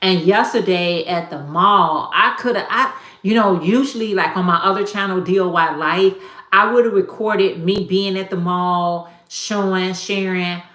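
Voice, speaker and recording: A woman hosting a casual live chat, talking in an animated way, greeting viewers by name and laughing often. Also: on the low side, a little slow, roomy sound. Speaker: live stream host.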